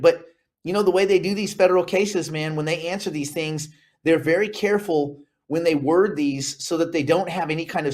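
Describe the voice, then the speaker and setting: A man's voice: on the high side, darkish tone. A man hosting a casual crypto talk show, joking and rambling between topics. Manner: joking, rambling, puts on mock voices. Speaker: host.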